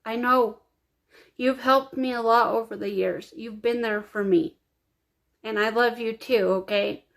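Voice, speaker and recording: A woman's voice: a little high, fairly even intonation, vocal fry. A woman telling her own life story to camera, confiding and emotional, crying as she speaks. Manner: emotional, confiding, slow and halting. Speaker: vlogger.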